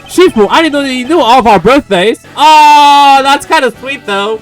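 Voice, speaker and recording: An earnest young police underling, eager to please and a bit overexcited, as a man voices him while reading a game aloud. The voice sits high with a lot of lively movement in it. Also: moderate pace, faint music behind.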